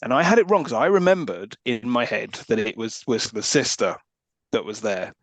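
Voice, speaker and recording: A man co-hosting a podcast, tossing in quick, wry asides while discussing a film. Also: mid-range voice, lively intonation, no room sound. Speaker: podcast co-host.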